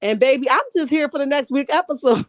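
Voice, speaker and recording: High-voiced, animated woman recapping gossip. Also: no room sound, clean studio sound. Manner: animated, laughing storyteller, slangy and blunt; calls her viewers 'baby', 'honey' and 'child'. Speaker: reality TV recap vlogger. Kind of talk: casual recap chat, reading live chat.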